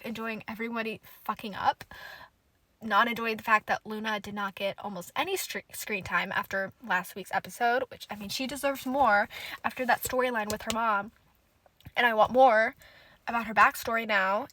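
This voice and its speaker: A woman's voice: on the high side, fairly bright tone, no room sound, poor audio. A young woman hosting a casual solo podcast, rambling and swearing freely as she rants in frustration. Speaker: podcast host.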